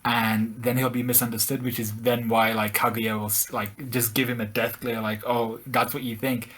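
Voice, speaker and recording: A man's voice: medium pitch, normal speed, breathy edge. Chatty man retelling scenes. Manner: animated retelling, repeats words, laughs while telling. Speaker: podcast co-host. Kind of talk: casual chat.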